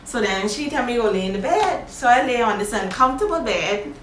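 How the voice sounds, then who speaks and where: Woman vlogger, casual storytime, animated and plain-spoken, echoey room, faint background noise. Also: a little high, fairly quick.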